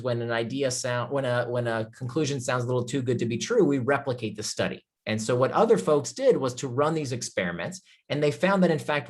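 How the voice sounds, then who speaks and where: A man giving an impassioned talk on a video call, with emphatic rhetorical questions, then calmly answering audience questions from the chat. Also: medium pitch. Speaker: author and speaker.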